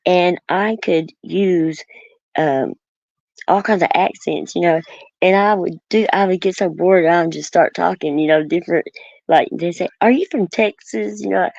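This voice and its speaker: A woman's voice: fairly low pitch, darkish tone, no echo, highs cut off. A woman from Oklahoma with a country accent, chatting casually as a guest and rambling through many fillers and restarts. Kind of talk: casual chat.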